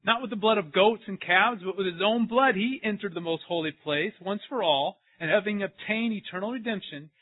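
A man's voice: sits high, a little fast, few pauses, no echo. A man preaching a sermon and asking his congregation questions as he goes. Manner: animated, asks the congregation questions. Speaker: pastor. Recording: tinny, phone-like sound.

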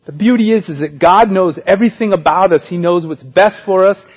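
Brief: male pastor, fairly high voice, chatty sermon delivery with wry jokes, dull lo-fi recording. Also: fairly quick, slightly rough. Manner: conversational, joking asides.

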